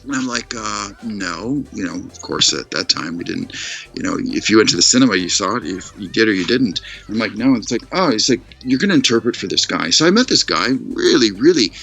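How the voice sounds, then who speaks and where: A man chatting casually on a video call, telling stories in an animated way and acting out other people's voices. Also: fairly low pitch, a little fast, gravelly, breathy edge, soft background music. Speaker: guest storyteller. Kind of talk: casual chat on a live stream. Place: living in Tokyo.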